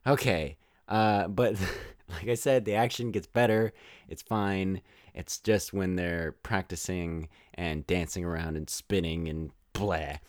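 A young man hosting a podcast, rambling through a casual spoiler-filled film review with exasperated, animated rants. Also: sits low, slow, dry recording, clean studio sound.

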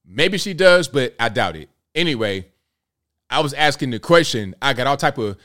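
A man's voice: mid-range voice, expressive, moderate pace, fairly bright tone. A man in his thirties hosting a casual commentary show, chatty and incredulous as he talks through a clip. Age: 30s. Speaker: host.

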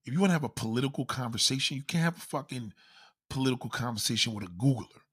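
A man ranting in a loud, profane, comedic style, constantly swearing and acting out quoted voices. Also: medium pitch, lively intonation, quick pace, breathy edge.

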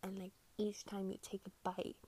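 A woman vlogging her reactions to posts in a casual, profane rant, swinging between loud outbursts and muttered asides, full of "like". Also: mid-range voice, monotone, normal speed, breathy edge. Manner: heavy swearing and filler "like".

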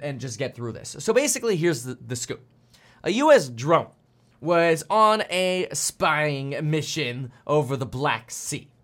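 A man's voice: fairly high pitch, fairly bright tone. A man in his thirties hosting a casual market commentary stream, chatty and jokey, with frequent fillers. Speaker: host.

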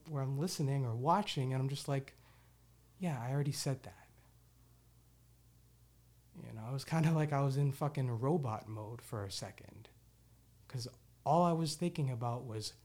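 A male podcast host speaking in a casual, rambling monologue. He sounds candid and reflective, restarts his sentences often and swears offhandedly. His pitch sits at an ordinary middle height for a man. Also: darkish tone.

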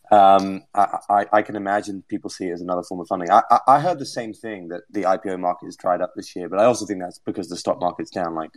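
A man's voice: sits low, quick pace. A man with a British accent, co-hosting a casual podcast chat in an easygoing way. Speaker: podcast co-host. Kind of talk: casual live audio chat.

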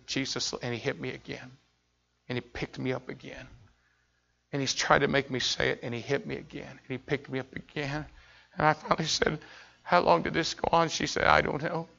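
A man preaching a sermon as pastor, telling a story with intense swings from shouting to hushed tones. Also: medium pitch, gravelly, muffled recording.

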